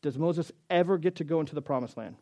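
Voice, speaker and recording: A middle-aged man preaching a sermon, acting out the scripture and the quotes with lively shifts of voice. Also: a little high, fast talker. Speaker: pastor.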